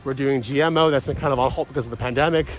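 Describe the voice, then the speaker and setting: A man's voice: medium pitch, racing, low-quality recording. A man giving a casual, rambling reaction review of a wrestling event, frank and often swearing. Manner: rambling, profane, frank opinions.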